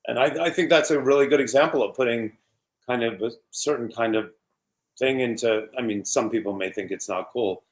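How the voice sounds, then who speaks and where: Fifties guy from new york, telling lively anecdotes in an interview, mid pitch. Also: fairly quick. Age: 50s. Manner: animated anecdotes with laughs and quoted voices. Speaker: actor guest. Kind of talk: casual interview storytelling.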